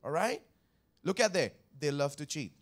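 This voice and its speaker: A pastor whose voice sits on the high side, with lively intonation at normal speed, preaches a Sunday sermon. He repeats key phrases emphatically, calls on the congregation to answer, and takes scripture verse by verse.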